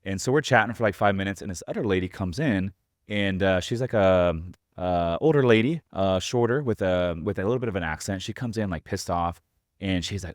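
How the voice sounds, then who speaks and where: A man's voice: sits low, brisk, dry recording, clean studio sound. A man hosting a podcast, telling a story in a rambling way with lots of fillers. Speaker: podcast host. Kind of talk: casual interview conversation.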